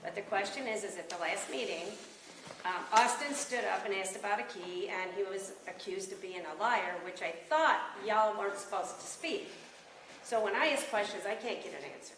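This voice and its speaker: A woman's voice: medium pitch, normal speed, a bit bright. A woman giving an earnest, rambling, emotional public comment at a county board meeting. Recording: echoey room, distant mic, noticeable noise.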